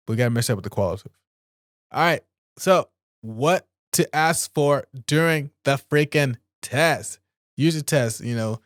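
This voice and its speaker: Male solo podcaster, mid-pitched, casual rants with exasperated jumps, dry close sound. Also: no room sound. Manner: casual, ranty, swears, bursts of high-pitched exasperation; reads aloud and comments with asides. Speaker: podcast host.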